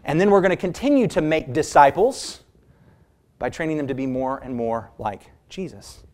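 A man preaching a sermon, emphatic, drawing out key words slowly and putting rhetorical questions to his listeners. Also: animated, darkish tone. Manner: emphatic, stretches key words slowly and rises in pitch for stress; asks the congregation rhetorical questions.

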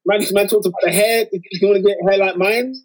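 A man, co-hosting a casual football chat with animated, slangy banter. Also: sits high, quick pace, a loud crowd, low-quality recording. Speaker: podcast co-host.

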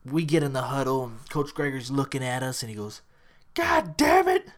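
A man's voice: medium pitch, fast talker. A young man hosting a podcast, telling a story casually, swearing and acting out the quotes. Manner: profane, animated, acts out quotes. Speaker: podcast host.

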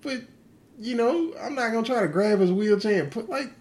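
A man's voice: extremely high pitch, animated, moderate pace, darkish tone. Blunt, profane man in an echoey room. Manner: blunt, profane one-liners. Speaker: podcast co-host. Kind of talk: casual banter. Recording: roomy echo.

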